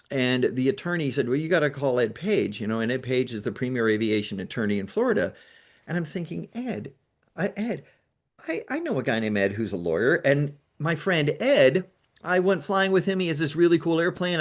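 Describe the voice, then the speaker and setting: Guy guest on an interview telling his story, mid-pitch voice, acts out what people said to him. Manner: lively retelling that acts out other people's lines. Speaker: guest, nonprofit founder.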